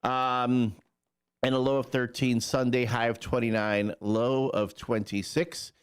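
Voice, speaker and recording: A man's voice: mid-range voice, little pitch movement, a little slow, clear, resonant tone. A man hosting a morning radio show, giving the weather and chatting casually with playful, rambling asides in a radio studio.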